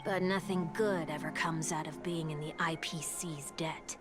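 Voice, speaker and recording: A woman's voice: low voice, fairly even intonation, normal speed, natural voice. An actress voicing a blunt, sarcastic young woman companion who teases and challenges, with music behind. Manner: blunt and teasing. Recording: game audio with loud music behind.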